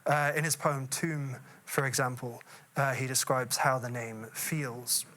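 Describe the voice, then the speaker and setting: A man, a poet, giving an academic lecture and reading poetry aloud. He speaks in a measured, thoughtful way with frequent "uh" fillers and slows down to savour quoted words. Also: medium pitch, steady tone, pushed and bright.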